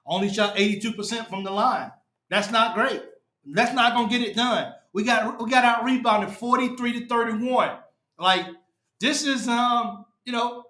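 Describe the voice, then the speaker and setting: A man's voice: extremely high pitch, bright, forceful tone. A man hosting a fan show, ranting after a game, frustrated and repetitive. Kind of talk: post-game fan rant. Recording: echoey room.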